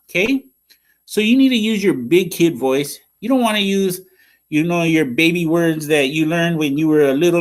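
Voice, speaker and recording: A man with a slightly high-pitched voice teaches young children as a school counselor. He talks in a patient, sing-song way and keeps checking in with a quick "okay?". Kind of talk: classroom lesson for young children.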